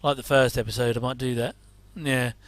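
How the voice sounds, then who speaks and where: A man's voice: mid-range voice, fairly even intonation, a little fast, no echo. A middle-aged man giving rambling casual commentary while watching an old TV episode, with wry asides and chuckles.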